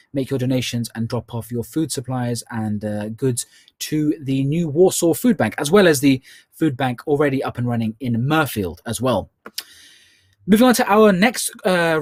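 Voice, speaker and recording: A man hosting a live online charity quiz, reading questions slowly and slipping in joking asides. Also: fairly high pitch, darkish tone, dry recording, studio quality. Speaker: quiz host. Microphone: earbud headset.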